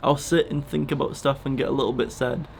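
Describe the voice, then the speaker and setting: A man talking casually and emotionally in a vlog, soft and halting, close to tears. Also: medium pitch, steady tone, creaky, a little hiss or hum. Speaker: vlogger feeding a wild bird. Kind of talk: casual heartfelt vlog talk.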